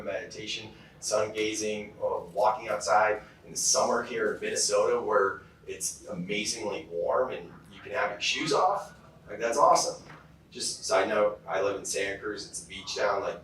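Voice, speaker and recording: A man's voice: on the low side, slight background noise. Casual male keynote speaker in an echoey hall. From California. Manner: casual storytelling with many fillers. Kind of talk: motivational keynote talk. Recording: very echoey hall, heard from far off.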